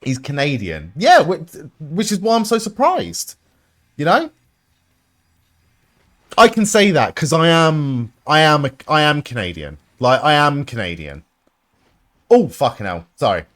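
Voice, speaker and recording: A young man giving live-streamed gameplay commentary, excitable and sarcastic, swearing often. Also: a little high, unhurried, long pauses.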